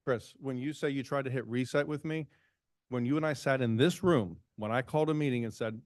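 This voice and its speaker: Male commissioner, indignant, mocking tone, mid pitch, dry council-chamber sound. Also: a little fast, no room sound. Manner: indignant, sarcastic, quoting others. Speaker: village commissioner. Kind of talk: heated public meeting remarks.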